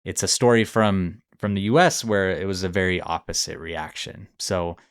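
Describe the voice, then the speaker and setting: A man's voice: sits low, moderate pace, smooth, dry recording, clean studio sound. A man co-hosting a podcast, casually retelling a news story with easy laughs. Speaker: podcast co-host. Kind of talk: casual chat.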